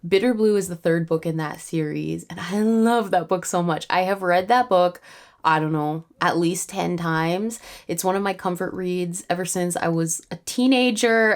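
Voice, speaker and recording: A young woman in her twenties from Canada, talking through her writing day in a chatty vlog with many fillers and light laughs. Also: fairly low pitch. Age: 20s. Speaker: writing vlogger. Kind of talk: casual vlog narration.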